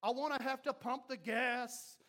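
A man preaching a sermon as pastor, acting out the voices of doubters and of God, swinging from loud to hushed. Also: extremely high pitch, steady tone, unhurried.

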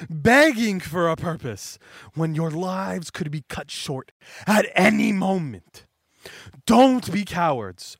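A man doing a loud, boastful clown pirate captain who rallies his crew in big yelling speeches. The voice sits high and leaps all over its range. It is recorded close and dry. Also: creaky, dry recording, full character voice. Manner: bombastic rallying speeches, yells.

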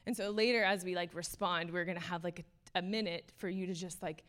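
A woman's voice: on the low side, fairly even intonation, a little fast, fairly bright tone. Earnest young woman preaching a sermon. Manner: earnest, casual, many fillers, laughs between points. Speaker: speaker.

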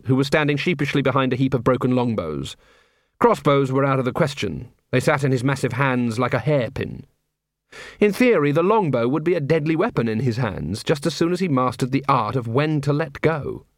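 A man narrating a comic novel in a wry, measured way. His voice sits at an ordinary pitch. The recording is close and dry. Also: expressive, no room sound. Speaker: audiobook narrator. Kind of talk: storytelling narration.

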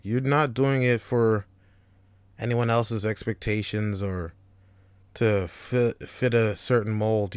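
A man's voice: lowish voice, smooth, dry recording. A laid-back young man hosting a casual solo podcast, rambling freely with frequent swearing and laughs. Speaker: podcast host.

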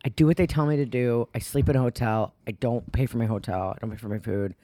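A woman's voice: rumbling low, fairly even intonation, fast, mellow, dry recording, clean studio sound. A woman with a Midwestern American accent, co-hosting a podcast in casual chat and rambling through stories. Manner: rambling, chatty storytelling. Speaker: podcast co-host.

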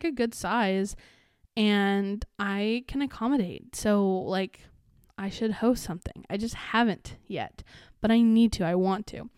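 Young adult woman, podcast host, casual rambling chat, lots of fillers, smooth clear voice, dry close sound. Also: medium pitch, a little mellow, no echo. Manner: rambling, chatty, many fillers and restarts.

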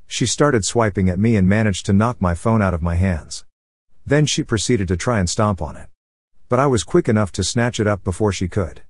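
Low-voiced man narrating a story. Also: moderate pace, dry recording. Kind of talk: scripted first-person narration.

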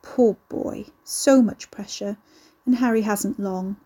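A woman voicing a gentle but stern old grandmother who talks in a level, scolding tone. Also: mid-range voice, moderate pace, husky, lightly acted. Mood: gently stern.

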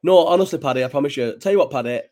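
A man's voice: medium pitch, animated, very fast, darkish tone. A man, rambling and chatty and swearing freely while hosting a casual late-night live chat from home. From Bolton, England. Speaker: live stream host. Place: at home at night, child nearby.

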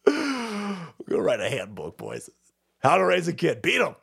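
A male streamer delivering a foul-mouthed, sarcastic rant. His pitch lurches from deep mockery to loud highs, and he keeps laughing at his own lines. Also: wildly swooping pitch, normal speed, creaky, slightly rough. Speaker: livestream host. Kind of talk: ranting livestream commentary.

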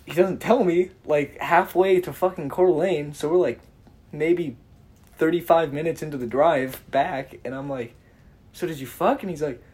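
A young man co-hosting a podcast, telling a story in a casual, animated way with lots of swearing and laughter. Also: on the high side, normal speed. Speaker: podcast co-host.

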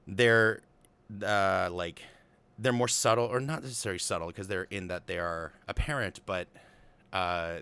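A man's voice: sits low, pushed and bright, clear, resonant tone. A young man casually recapping and analyzing a film, rambling with lots of fillers and offhand paraphrases of the characters. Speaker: film commentator.

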